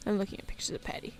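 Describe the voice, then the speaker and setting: Slow, giggly young woman streamer. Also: medium pitch, creaky, a little mellow. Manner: playful and giggly, slips into a cooing baby voice. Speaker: livestreamer. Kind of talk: casual live-stream chat while drawing. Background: faint music.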